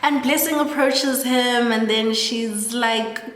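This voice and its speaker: A woman's voice: a little high, steady tone, slow pace, fairly bright tone. A young woman with a South African accent casually recapping a film, full of "like" and laughing asides. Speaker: storytelling host. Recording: roomy echo with long reverb.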